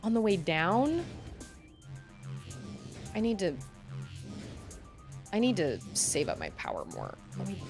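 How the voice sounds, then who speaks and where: A woman's voice: medium pitch, huge pitch swings, slow, long pauses, a little mellow, soft background music. A woman livestreaming a video game, chatting casually and rambling, laughing often. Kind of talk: casual chat while gaming.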